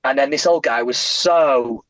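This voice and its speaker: A British man, a podcast guest, telling travel stories in a casual, animated, rambling way with frequent restarts. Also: mid-range voice, a little slow, no room sound, poor audio. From United Kingdom.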